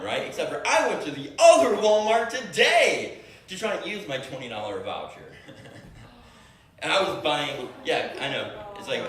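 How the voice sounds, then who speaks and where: A young man telling a comedic story to an audience, acting out the dialogue with lots of laughter. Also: a little high. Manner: animated, acts out every line of dialogue, laughs often. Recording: echoey room, voice from a distance.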